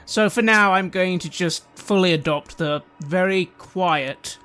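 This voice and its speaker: A man with a fairly high voice playing a tabletop game. He speaks in a measured, careful way, thinking aloud about his character's choices. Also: sharp tone, clear, resonant tone, faint music behind. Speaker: player.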